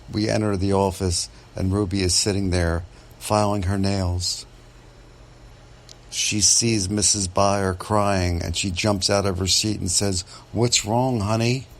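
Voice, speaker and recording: Low-voiced guy, real estate agent, slow dramatic storytelling on a podcast. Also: level tone. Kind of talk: first-person storytelling podcast.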